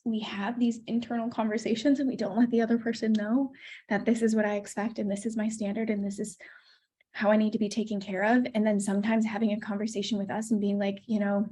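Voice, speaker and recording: A woman's voice: on the high side, gravelly, darkish tone. A woman in her thirties teaching a course module on attachment, talking candidly and swearing casually. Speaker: coach.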